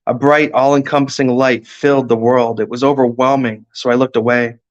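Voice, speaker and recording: A man, an author, reading his own first-person fiction aloud in a steady storytelling manner. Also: mid-range voice, a little fast. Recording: dull lo-fi recording.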